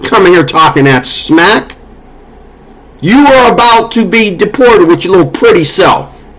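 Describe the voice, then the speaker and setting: A man with a notably high-pitched voice launches into an angry political rant. He scolds and curses freely, his tone heated and confrontational throughout. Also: lively intonation, a little slow, a bit bright. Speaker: political commentator. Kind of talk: angry monologue.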